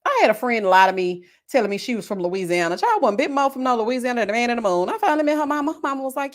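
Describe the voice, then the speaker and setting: A woman who hosts a live-stream reality-TV review, talking in a sassy, animated, gossipy way. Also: fairly high pitch, fast talker, hardly any pauses. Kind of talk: casual live-stream commentary.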